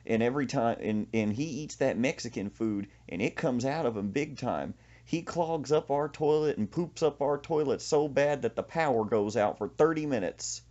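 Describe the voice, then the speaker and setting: A man's voice: medium pitch, normal speed, darkish tone, lo-fi sound, natural voice. A man doing a complaining country girl. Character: rural young woman with hick manners.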